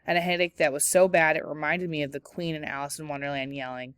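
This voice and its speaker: A woman teacher reading a children's novel aloud in clear, steady storytelling narration. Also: sits low, quick pace, no echo, studio quality. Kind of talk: read-aloud book narration.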